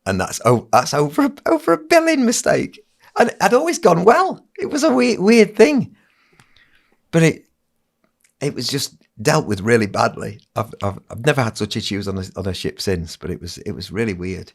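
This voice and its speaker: A man in his sixties, a children's entertainer, telling stories on a podcast in a lively way and acting out what other people said. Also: mid-range voice, moderate pace, gravelly. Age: 60s. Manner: animated storyteller who acts out other people's lines. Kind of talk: casual anecdote telling on a podcast.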